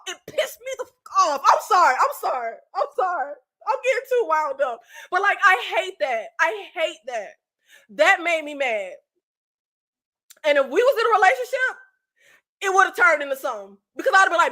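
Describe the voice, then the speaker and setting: A woman vlogger rants about a reality dating show in a very high, bright, sharp voice. She talks emphatically and profanely, repeating her points. Her commentary is casual and laugh-filled. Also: moderate pace. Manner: animated, profane ranting with frequent laughs; talkative and emphatic, repeats phrases.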